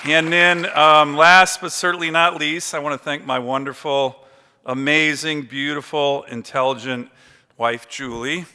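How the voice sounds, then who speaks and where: A man's voice: a little high, fairly even intonation, a little slow, sharp tone, clear, resonant tone, some chatter behind. A man in his fifties giving an after-dinner award acceptance speech, telling chatty stories with many fillers. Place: large banquet hall. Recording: long reverb of a big hall.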